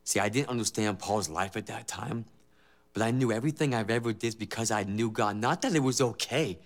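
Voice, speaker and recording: A man's voice: lowish voice, brisk. Earnest man giving an emotional testimony. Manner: emotional, repetitive, earnest storytelling. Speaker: former gang member giving testimony. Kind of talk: personal faith testimony.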